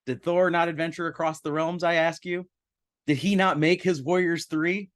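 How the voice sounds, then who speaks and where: Man voicing a boastful teenage Asgardian warrior, lofty old-fashioned talk, raised pitch, video call. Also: fairly even intonation, normal speed, fairly bright tone, lightly acted. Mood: defiant boastful. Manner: grandiose, old-fashioned rhetorical speech. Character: brash teenage male Asgardian adventurer, boastful.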